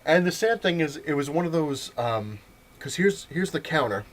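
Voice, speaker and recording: A man's voice: a little high, expressive, moderate pace. A man telling a casual story in a rambling way, with many restarts and frequent laughter. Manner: rambling, full of fillers and restarts.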